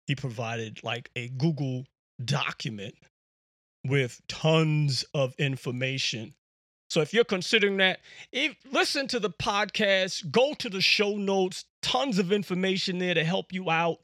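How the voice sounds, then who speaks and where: A man's voice: on the high side, sharp tone, dry recording, clean studio sound. A man hosting a podcast, talking in a casual, rambling, jokey way with lots of fillers, recorded on a USB microphone. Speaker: podcast host. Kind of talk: casual monologue.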